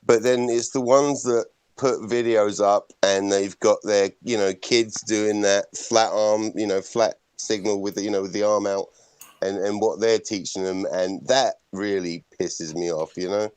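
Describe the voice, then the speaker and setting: Low-voiced man rambling with you-knows. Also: fairly even intonation, a little slow, darkish tone, smooth, dry recording. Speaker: podcast panelist. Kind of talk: casual podcast chat.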